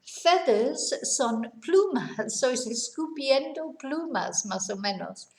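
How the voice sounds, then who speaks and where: A woman's voice: high-pitched, animated, slow pace, gravelly. A woman, patiently teaching a vocabulary lesson and explaining each word with examples. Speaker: English teacher. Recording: roomy echo.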